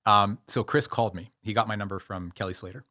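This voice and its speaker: Animated, lower-voiced male storyteller. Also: fast talker, no room sound, clean studio sound. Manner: animated storyteller, many restarts. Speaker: guest, posture and pain-relief expert. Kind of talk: podcast interview.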